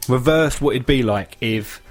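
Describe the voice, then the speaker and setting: A man's voice: mid-range voice, unhurried. A man with a British accent co-hosting a comedy radio show, chatting casually and laughing often. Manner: laughs often, animated, tells funny stories. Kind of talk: casual banter. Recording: radio studio.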